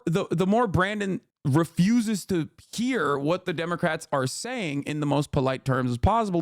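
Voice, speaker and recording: Animated, profane man streamer. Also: high voice, dry recording, studio quality. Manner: animated, profane, laughing often. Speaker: streamer and political commentator. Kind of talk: casual reaction commentary.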